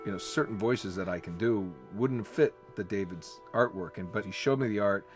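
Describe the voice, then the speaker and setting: A man's voice: on the low side, normal speed, faint music behind. A man, a voice actor, recalling his work in a casual interview, talking hesitantly with restarts.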